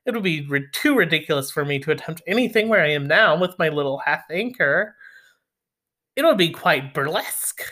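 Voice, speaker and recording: A reader voicing a bossy, meddling older aunt in an audiobook, officious and quick to take offense. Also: lively intonation, bright, forceful tone. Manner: shrill, indignant, officious.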